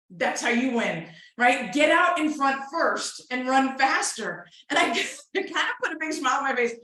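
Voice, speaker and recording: Upbeat woman co-host, slightly high voice, heavy room echo. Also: a bit bright. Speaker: real estate webinar co-host. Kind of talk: casual market update webinar. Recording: very echoey room.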